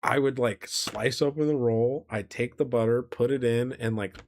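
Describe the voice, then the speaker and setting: A man's voice: medium pitch, moderate pace, a little mellow. A male streamer telling a rambling story casually, laughing often and correcting himself.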